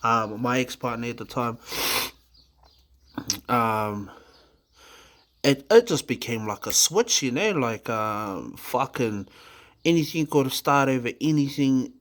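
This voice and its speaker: Halting man with a New Zealand accent. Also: medium pitch, expressive, a bit bright. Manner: halting, many fillers and restarts, swears freely. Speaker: vlogger sharing his recovery story. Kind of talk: candid personal testimony.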